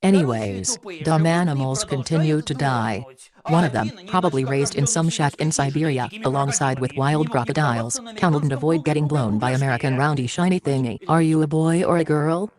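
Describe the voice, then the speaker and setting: A narrator delivers a scripted film review in a dry, sarcastic tone, mocking each scene. The voice sits at a middle pitch, and the phrasing is slightly broken English. Movie sound and a noisy crowd are audible underneath. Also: normal speed.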